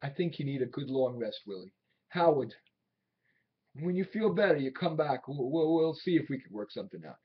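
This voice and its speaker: A young boss brushing someone off. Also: male voice, medium pitch, expressive, fairly quick, breathy edge. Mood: dismissive. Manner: clipped, evasive, softly dismissive. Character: young brisk male boss, uneasy and dismissive. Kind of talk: film drama acting. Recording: dull old film soundtrack.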